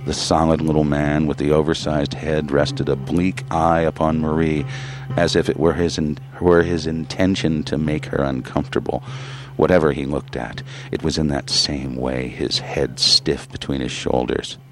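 A man reading a literary story aloud in a measured, grave way with drawn-out pauses. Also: rumbling low, fairly even intonation. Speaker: narrator.

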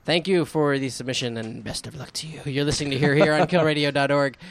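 A man's voice: fairly high pitch, fairly even intonation, fast, no echo. A man from Baltimore co-hosting an internet radio show, chatting and joking casually. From Baltimore, Maryland. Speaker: radio co-host. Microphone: studio mic.

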